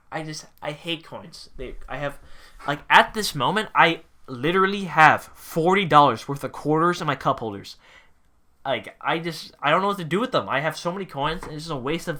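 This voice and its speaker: A man's voice: fairly high pitch, sharp tone. A young man telling a storytime rant about a bad night, rambling and exasperated, swearing casually. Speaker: vlogger, pizza delivery driver.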